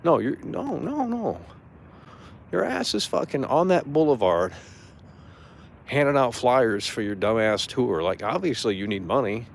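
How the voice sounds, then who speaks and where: In a casual, profanity-filled rant, this male streamer mocks someone who got on his nerves, doing impressions in a raised voice. His gravelly, medium-pitched voice has lively intonation and a moderate pace, with slight hiss or hum in the recording.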